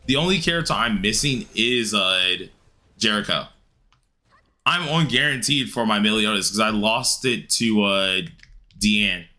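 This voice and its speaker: A man streaming a game live, chatting casually with viewers and grumbling loudly at the game in an excitable way. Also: fairly low pitch, unhurried. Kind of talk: live-stream gameplay commentary answering chat.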